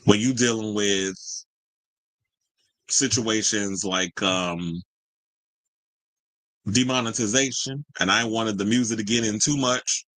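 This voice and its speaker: A man hosting a celebrity gossip show, talking in a sassy, animated way with slangy asides. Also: lowish voice, slow pace, long pauses, dry recording, poor audio. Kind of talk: casual gossip commentary. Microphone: home streaming mic.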